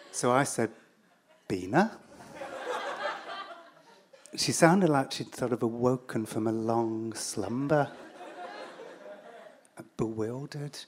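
A man's voice: medium pitch, a crowd in the background, noisy background. Wry Englishman telling a story live. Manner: wry, self-deprecating, halting with fillers.

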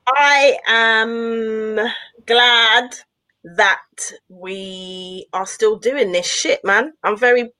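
A woman's voice: a little high, extremely slow, no room sound. Laughing woman in her forties. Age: 40s. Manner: animated, laughing, enthusiastic. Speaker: podcast co-host. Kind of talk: casual chat.

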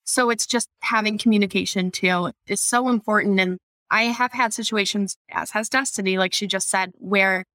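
A woman speaks earnestly as a guest in a casual podcast chat. At times she talks in quick bursts. Her voice is mid-pitched and dry. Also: fairly even intonation, pushed and bright, no echo.

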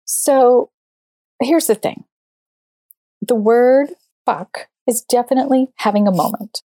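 A middle-aged woman hosting a talk show, telling a story in a lively, conversational way and acting out the people she quotes. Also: on the high side, slow, no room sound. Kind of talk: conversational monologue.

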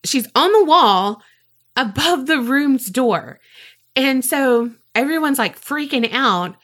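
A woman co-hosting a podcast, telling a story in casual chat, animated and swearing freely. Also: high voice, slow. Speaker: podcast co-host.

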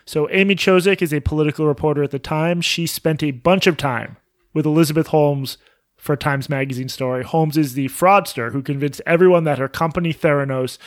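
A man co-hosting a podcast in casual banter, with sarcastic, deadpan jokes. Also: on the high side, no room sound, clean studio sound. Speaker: podcast co-host.

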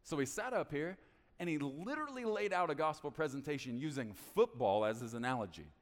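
A male pastor preaching a sermon in an animated way, acting out both sides of conversations. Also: on the high side, a little fast, big-room sound.

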